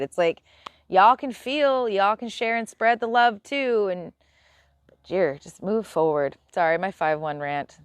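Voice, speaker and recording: A woman's voice: lowish voice, no echo. A woman hosting a live stream who talks bluntly and exasperatedly in a casual spiritual rant, swearing freely.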